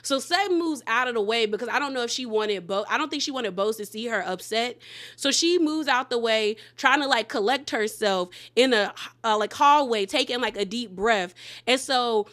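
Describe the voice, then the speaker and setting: A woman hosting a reality TV recap, talking in a casual, animated and opinionated way with slangy, sassy asides. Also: a little high, moderate pace. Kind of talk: casual gossip recap commentary.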